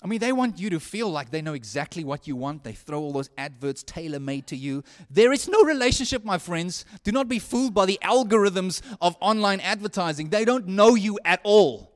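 A man preaching a sermon, earnest and conversational, often restarting his phrases and swinging from hushed lines to loud ones. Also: high voice, lively intonation, fairly quick, few pauses.

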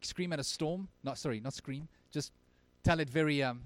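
A man's voice: on the high side, normal speed. Earnest pastor, man with a raised voice. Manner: earnest, swinging from emphatic to very quiet. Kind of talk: sermon. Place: church service.

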